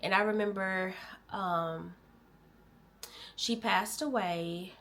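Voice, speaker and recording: Taking it slowly in a mid-range voice, this Illinois vlogger, a young adult woman, tells her viewers a heartfelt personal story. She's candid and emotional, moving from animated outbursts to soft, quiet stretches.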